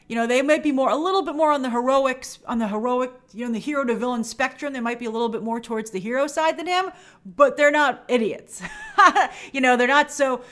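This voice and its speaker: A woman hosting a review show, giving a chatty and enthusiastic breakdown of a TV episode and sometimes acting out the characters' lines. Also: high voice. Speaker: film and TV review show host. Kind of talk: casual episode breakdown commentary.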